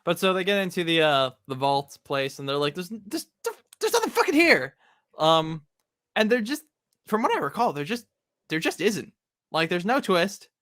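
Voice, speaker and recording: A man hosts a casual podcast in a relaxed, rambling way, often pausing on ums and uhs. His voice is bright and a little high. The recording is dry and close. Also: clear, resonant tone, no echo. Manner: relaxed, rambling, with many fillers. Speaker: podcast host.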